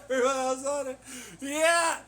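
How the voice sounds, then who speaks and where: A man hosting a podcast in a rambling, casual monologue, swearing freely, laughing often and getting loud when excited. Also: very high voice, slow. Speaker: podcast host. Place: at home on laundry day.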